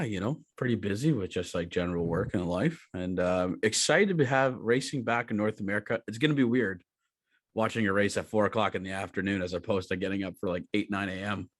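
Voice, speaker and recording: A man's voice: deep voice, no echo, studio quality. A man co-hosting a casual podcast, laid-back and rambling as he chats. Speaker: podcast co-host.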